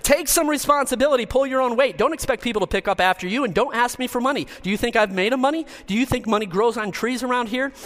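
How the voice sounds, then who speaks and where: A preacher doing an exasperated scolding dad. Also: male voice, high-pitched, fairly bright tone, voice pushed up. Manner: rapid-fire, indignant, nagging. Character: exasperated scolding father lecturing his child.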